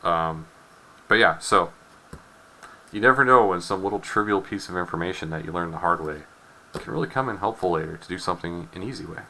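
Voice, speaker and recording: Wry deep-voiced man teaching chemistry. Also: a little fast, vocal fry, sharp tone, a little hiss or hum, rough recording. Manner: wry storytelling, acts out students' voices. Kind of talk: recorded chemistry lesson with anecdote.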